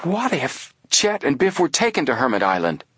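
Man reading as excitable teen boy sleuth, pitched up, husky, bouncy intonation. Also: moderate pace, dry recording, studio quality, heavily acted. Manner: excited, eager. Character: eager teenage boy detective, excitable.

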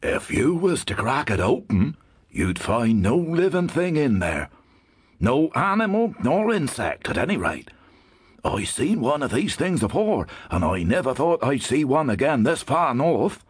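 An actor playing a wise, protective old man who speaks in an old-fashioned rustic dialect, measured and grave. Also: mid-range voice, sing-song, husky, no echo, clean studio sound, full character voice. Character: wise old male gyptian elder, protective.

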